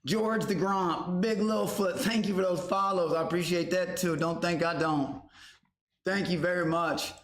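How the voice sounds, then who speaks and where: A young man hosting a livestream from his garage, loud and profane, shouting out names from chat. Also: high voice, steady tone, normal speed. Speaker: livestream host. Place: home garage. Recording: roomy garage echo.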